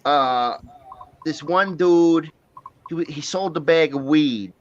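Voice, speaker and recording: A man's voice: a little high, slow, dull audio, slight background noise. A man hosting a livestream, telling rambling, profane stories in casual chat and laughing often. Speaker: livestream host.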